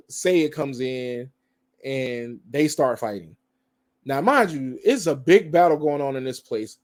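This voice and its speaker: Chatty guy reviewing a film, rambling and loose, mid-pitched voice. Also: darkish tone. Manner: rambling, conversational, frequent laughs and fillers. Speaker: movie reviewer. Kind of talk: casual spoiler review.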